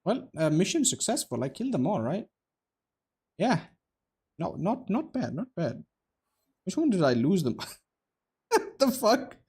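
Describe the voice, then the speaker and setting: A man's voice: a little high, wildly swooping pitch, unhurried, long pauses, a little mellow, husky. A young man giving casual, profane, joking commentary while streaming a game, rambling between stories and play.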